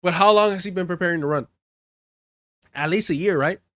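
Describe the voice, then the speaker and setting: Bright and high-pitched, this man talks a little fast in a studio-quality recording with no echo. He reads news articles on a live political commentary show, breaking off between them into heated, profane rants and occasionally slipping in Spanish phrases.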